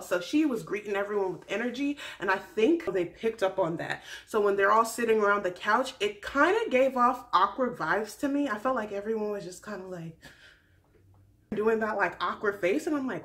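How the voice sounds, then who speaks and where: A woman's voice: medium pitch, expressive, moderate pace, a bit bright. Blunt, chatty woman recapping TV. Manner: chatty, blunt and swearing, with slang asides. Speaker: YouTube recap host. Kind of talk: casual reality-TV recap commentary.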